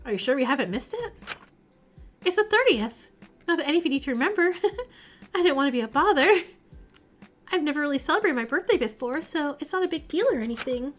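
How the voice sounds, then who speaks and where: A woman reads aloud as a timid, modest young girl from a story game, with a high and lively voice. She talks softly and apologetically, trying not to be a bother, over faint music. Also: fairly quick, long pauses. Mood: shy. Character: shy, modest young woman with a birthday coming.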